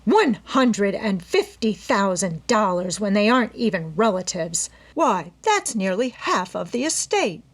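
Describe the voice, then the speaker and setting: A woman's voice: mid-range voice, sing-song, a little slow, few pauses. A woman voicing a haughty, domineering middle-aged society woman with an imperious, indignant manner in a storybook reading.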